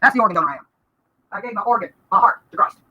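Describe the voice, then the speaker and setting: Fast-talking, bright woman ranting. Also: medium pitch, expressive, husky, dull audio. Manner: blunt, rapid-fire venting with frequent laughs. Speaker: live-stream vlogger. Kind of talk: rambling live-stream rant.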